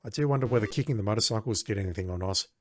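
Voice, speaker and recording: A man's voice: on the low side, very fast, slight background noise. A man giving casual, wry, chatty commentary while playing through a retro game. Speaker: let's-play host.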